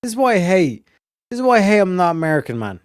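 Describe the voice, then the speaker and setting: Fired-up, cursing streamer. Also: male voice, high voice, very animated, fast talker, no echo, clean studio sound. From Ireland. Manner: heated, swears a lot, acts out voices. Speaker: streamer reacting to clips. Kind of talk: casual profane commentary.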